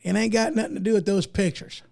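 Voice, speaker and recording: Guy losing his voice ranting on his podcast, high-ish and gravelly, folksy and fired up. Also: fairly even intonation, fast talker, a little mellow. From United States. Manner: emphatic, indignant, folksy. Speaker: podcast host. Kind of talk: opinion commentary, reading articles aloud.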